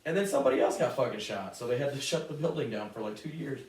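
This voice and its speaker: A man's voice: mid-range voice, fast talker, darkish tone. Profane man bantering in echoey room. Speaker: podcast co-host. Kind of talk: casual chat. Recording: roomy echo, distant mic.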